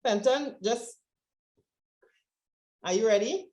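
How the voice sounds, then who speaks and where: A woman coaching speakers over a video call, giving brisk, encouraging directions. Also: fairly high pitch, darkish tone, reverberant. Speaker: presentation coach. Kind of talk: online coaching session.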